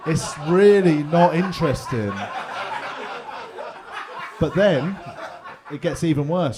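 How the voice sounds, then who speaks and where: A man, telling a story in a stand-up comedy set in a pub, animated and bursting into mock voices. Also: fairly high pitch, slight background noise. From England. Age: 40s. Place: pub comedy room with live audience.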